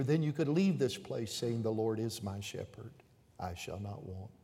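A man preaching a sermon as pastor, swinging between fervent, raised passages and quiet, hushed appeals to the congregation. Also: mid-range voice. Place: church sanctuary with pews. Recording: long reverb of a church hall.

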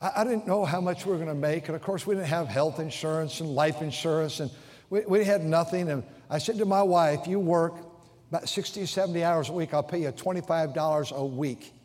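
Older pastor preaching high, hall reverb. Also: male voice, a little fast, a little mellow. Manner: emotional, repeating himself with stammered restarts. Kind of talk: sermon. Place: large church auditorium.

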